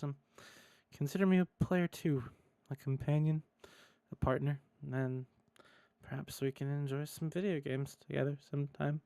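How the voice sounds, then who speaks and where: A man reading as a pompous, awkward online man courting a woman, in a flat deadpan delivery. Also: medium pitch, vocal fry, clean tone, dry recording, close to an everyday voice. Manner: deadpan, stiff formal reading.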